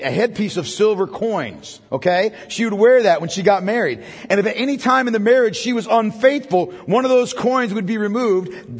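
Man, pastor, conversational sermon, raspy tone, big reverberant hall. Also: high voice. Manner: conversational preaching with frequent tag questions.

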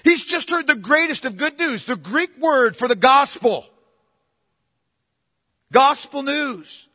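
A man preaches with emphasis and keeps putting rhetorical questions to his congregation. His voice sits very high and rings bright. It carries a long reverb, like a large sanctuary. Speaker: pastor. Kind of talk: sermon.

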